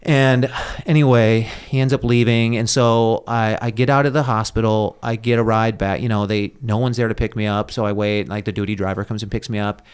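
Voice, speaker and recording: A man with a lowish, steady voice talks a little fast, hardly pausing, with a clear, resonant tone. He's a podcast guest telling stories in a casual, rambling way, full of fillers and restarts, and he often laughs at his own tale.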